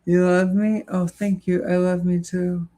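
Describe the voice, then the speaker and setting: A young adult livestreamer chatting casually with viewers in a slow, halting, weary way, with many "like" and "uh" fillers. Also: medium pitch, little pitch movement, dark tone, poor audio. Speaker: livestreamer answering chat.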